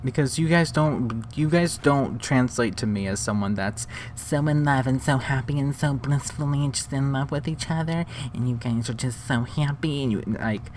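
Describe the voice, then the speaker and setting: A man's voice: mid-range voice, normal speed, hardly any pauses, a little hiss or hum. A man giving sarcastic, mocking commentary while reacting to a livestream.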